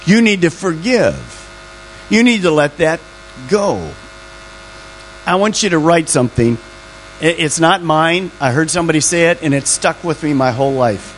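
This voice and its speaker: A pastor preaching with emphatic, drawn-out words and a voice that swoops up and down. A faint electrical hum sits under the recording. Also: male voice, fairly high pitch, lively intonation, poor audio. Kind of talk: sermon.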